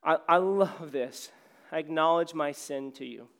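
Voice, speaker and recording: A man preaching a casual, conversational sermon on stage while his voice is going hoarse. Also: on the high side, unhurried. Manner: casual, self-deprecating, conversational preaching with many fillers. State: losing his voice. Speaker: pastor.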